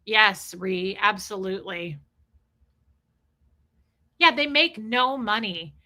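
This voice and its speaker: A woman, ranting casually to her live stream chat and acting out the people she talks about. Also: medium pitch. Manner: animated, acts out people in quick quoted voices.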